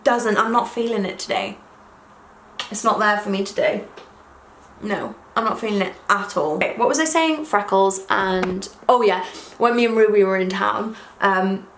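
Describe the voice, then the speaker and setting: A young adult YouTuber rambles and gushes to her viewers during a casual get-ready-with-me chat, doing her makeup in a room of her own house, full of "like" and "um." Her voice is medium-pitched with vocal fry. The room is echoey with faint ambience and slight background noise.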